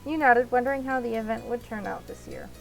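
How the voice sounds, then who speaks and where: A woman's voice: on the high side, brisk, creaky, faint music behind, poor audio. A woman reading a visual novel aloud as a let's play narrator, in the second person.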